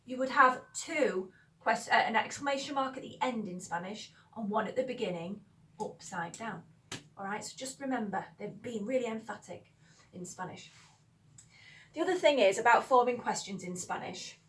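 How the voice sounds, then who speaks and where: Woman teacher, emphatic and chatty, fairly high voice, mic at a distance. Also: moderate pace, a bit bright. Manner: chatty, emphatic, with frequent fillers and checks like "okay?". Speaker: language teacher. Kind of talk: spoken lesson explaining Spanish grammar.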